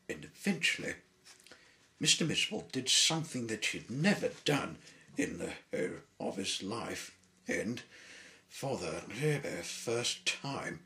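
A man reads a children's storybook aloud with a low voice, taking his time. He stretches his words out playfully, and his pitch rises and falls a great deal. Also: pushed and bright. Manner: slow, drawn-out, playful emphasis.

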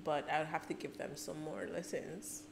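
A woman's voice: low-pitched, fairly even intonation, normal speed, gravelly, background noise. A woman making a casual music reaction vlog, teary and gushing, talking back at the screen in exasperation. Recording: music playing loudly behind her voice.

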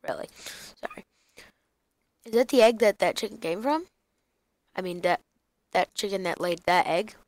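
A woman's voice: medium pitch, lively intonation, moderate pace, long pauses, darkish tone, no echo. A young woman chatting casually through a block-building game video, rambling and breaking into silly sing-song bits. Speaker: gaming YouTuber. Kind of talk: casual gaming commentary.

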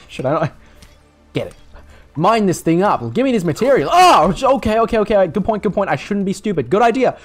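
Casting: young male gaming YouTuber, rambling jokey commentary, lively, slightly high voice, faint music behind. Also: normal speed, pauses often, slightly rough. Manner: jokey, rambling, swears and laughs. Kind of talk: casual gameplay commentary.

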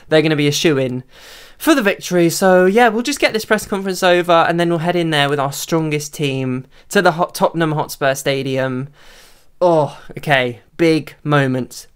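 A young man narrating his own football video game as a gaming creator, talking to himself and bursting into high shouts when chances come. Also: clean tone. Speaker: gaming YouTuber. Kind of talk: live gameplay commentary.

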